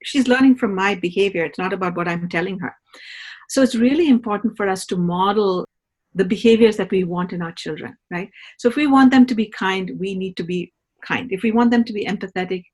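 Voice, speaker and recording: A woman's voice: medium pitch, a little mellow. A middle-aged woman, a parenting educator, explaining patiently in a podcast conversation and often checking in with "right?". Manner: patient teaching tone, often ends points with a questioning "right?".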